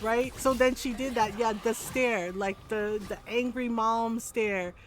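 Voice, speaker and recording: A woman's voice: on the high side, fairly even intonation, measured pace. A woman streamer telling a family story in a casual way on her live stream, laughing often and asking "right?" after her lines. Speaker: gaming streamer.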